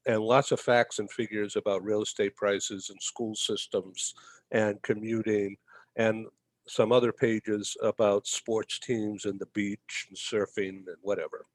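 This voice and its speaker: A man's voice: fairly low pitch, level tone, unhurried, no room sound. A man from the Boston area, a guest telling a rambling story in a casual interview and tagging his lines with "okay?". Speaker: guest, magazine publisher.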